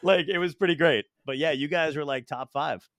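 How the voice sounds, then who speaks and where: A man's voice: fairly high pitch, fairly quick, fairly bright tone, no room sound, studio quality. A young American man hosting a podcast, chatting casually in a rambling way with lots of filler and swearing. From United States. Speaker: podcast host. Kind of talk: casual chat.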